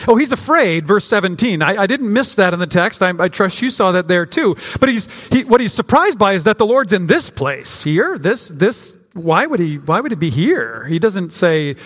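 A male pastor delivers a sermon in a conversational, searching way, often restarting his sentences and acting out quotes. His voice sits fairly high for a man. The sound rings with the long reverb of a church sanctuary. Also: very animated, moderate pace, hardly any pauses, fairly bright tone. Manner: conversational preaching with frequent restarts and acted-out quotes.

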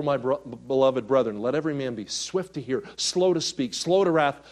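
A male pastor delivers a sermon with a mid-range voice, weaving in stories as he moves back and forth between loud, animated stretches and soft, quiet moments.

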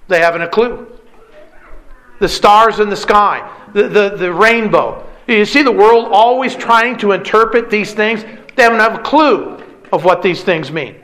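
A man's voice: high voice, measured pace, a bit bright, rough recording. A man preaching a sermon with an emphatic, repetitive cadence. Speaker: pastor.

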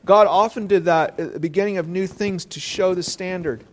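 A man's voice: high-pitched, moderate pace, slight background noise. A man preaching a sermon, earnest, posing rhetorical questions, quoting scripture and repeating words as he thinks.

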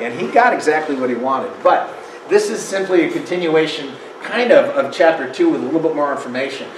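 A man teaching a Bible lesson to a small group in a casual, animated way, with chuckling asides. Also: on the high side, fairly quick, reverberant, slight background noise, poor audio.

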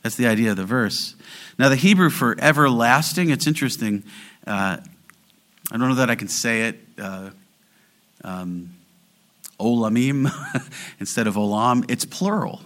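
A man preaching a sermon in an earnest way, slowing down and rising in volume to stress key phrases. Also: mid-range voice, a bit bright. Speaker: pastor.

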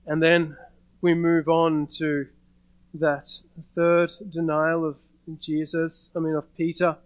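Male pastor, sermon, high-ish voice, conversational storytelling with restarts. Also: monotone, slow, dry recording, low-quality recording.

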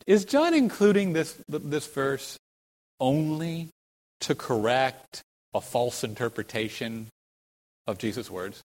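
A male preacher delivers an expository sermon at an unhurried, deliberate pace, punching single words for emphasis. He often turns to the congregation with rhetorical questions. His voice carries the long reverb of a large church hall. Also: medium pitch, expressive, a little mellow. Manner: emphatic, rhetorical questions, slow deliberate phrasing with sudden stresses.

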